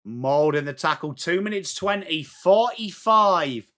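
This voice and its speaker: An English man hosting a fan watchalong, chatting through the match as live fan commentary and breaking into shouts at big plays. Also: fairly high pitch, expressive, a little slow. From England.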